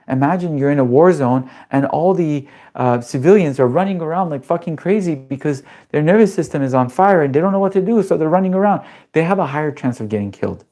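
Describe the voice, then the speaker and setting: A man coaching nervous system calm in a live-streamed class, talking emphatically and bluntly with casual swearing, and throwing questions out to his audience. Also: medium pitch.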